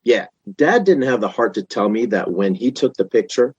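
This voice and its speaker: A man in his fifties, a podcast guest, telling a long story in a casual, animated way with lots of restarts. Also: lowish voice, normal speed, slightly rough, dry recording, highs cut off. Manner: animated, chatty, many restarts.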